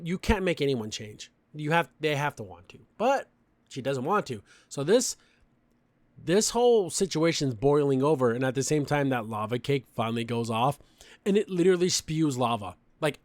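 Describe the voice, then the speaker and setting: A young man with a Mexican family background hosts a podcast where he chats through a cartoon episode recap, opinionated and heavy on fillers. His voice runs a little high, and there's no room sound.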